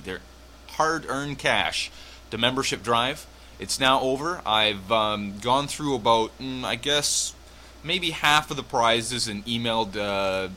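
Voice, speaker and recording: A man's voice: mid-range voice, bright, forceful tone, slight background noise. A man hosting a radio show as DJ, talking casually between tracks with lots of fillers and wry asides.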